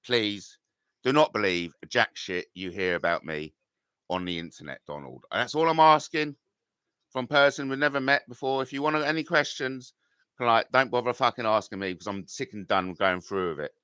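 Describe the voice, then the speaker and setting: Combative middle-aged man, bright voice. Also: on the low side, normal speed, clean tone, no echo. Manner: combative, swearing, rambling. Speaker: YouTuber live-streaming and reading chat. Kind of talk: live stream chat.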